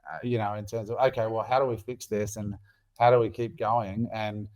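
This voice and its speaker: A man's voice: lowish voice, moderate pace. A middle-aged man co-hosting a podcast, chatting casually and swearing freely. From Australia. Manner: animated, swears freely, acts out quotes. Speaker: podcast co-host.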